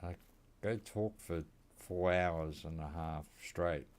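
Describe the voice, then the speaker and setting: Aussie streamer guy, low voice, easygoing rambling game commentary from home. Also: slow. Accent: Australian. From Australia. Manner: laid-back, rambling, chuckling often. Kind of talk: casual gameplay commentary.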